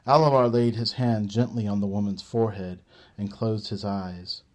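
A man narrating a fantasy audiobook in a measured, deliberate way. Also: on the low side, steady tone.

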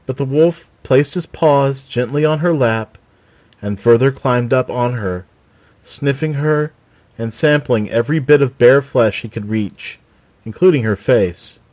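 A man narrating a fantasy story aloud with a steady, even reading. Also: medium pitch, measured pace.

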